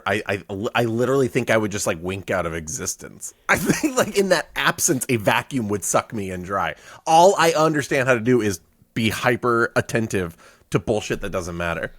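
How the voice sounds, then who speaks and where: A man's voice: lowish voice, very animated, moderate pace, fairly bright tone, no echo, studio quality. A man co-hosting a podcast, joking with playful, witty wordplay in a casual chat. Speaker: podcast co-host.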